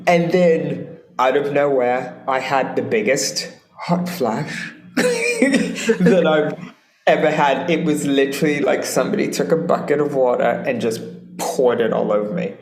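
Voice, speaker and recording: A woman in her late fifties, a guest in a casual conversation, tells animated stories and acts out quotes with laughter. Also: very deep voice, measured pace, slight background noise. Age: late 50s. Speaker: guest, spiritual guide. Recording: roomy echo.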